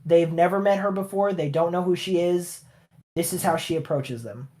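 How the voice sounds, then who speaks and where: A man's voice: sits high, normal speed, mellow, dry recording, studio quality. A man hosting a commentary video, ranting in a profane, sarcastic, emphatic way. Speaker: channel host, reviewer.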